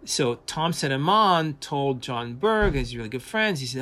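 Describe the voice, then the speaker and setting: A man's voice: on the high side, lively intonation, unhurried, bright, forceful tone, a little hiss or hum. A man working in animation and visual effects, a guest telling casual stories with many restarts. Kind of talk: casual anecdotal interview.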